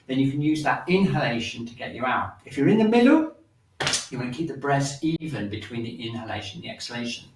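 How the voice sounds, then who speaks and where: Calm man guiding a breathing class. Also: a little high, a little hiss or hum. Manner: calm instructive, guiding along with the movements. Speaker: shiatsu teacher. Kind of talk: guided breathing and movement class. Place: room in a shiatsu centre. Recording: roomy sound, mic at a distance.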